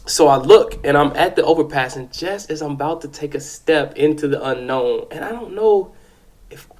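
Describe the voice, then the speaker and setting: Man, somewhat high voice, loose profane storyteller, keeps checking the listener is with him. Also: lively intonation, moderate pace, darkish tone. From South Side of Chicago. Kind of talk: casual spoken storytelling.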